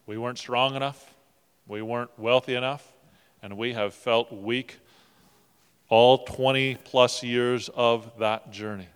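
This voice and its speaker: A male pastor speaking at a middle pitch, earnest and sincere, who often repeats words as he gathers his thoughts. His sermon and prayer carry a long reverb through the church sanctuary. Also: steady tone, slow, smooth.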